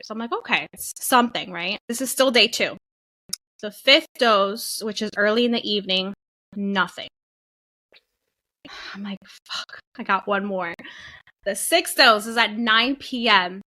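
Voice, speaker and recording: A woman's voice: medium pitch, unhurried, pauses often. A young woman co-hosting a podcast, casually telling a personal story and acting out what people said. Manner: animated storytelling, acts out quotes. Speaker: podcast co-host. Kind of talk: casual chat, telling her birth story.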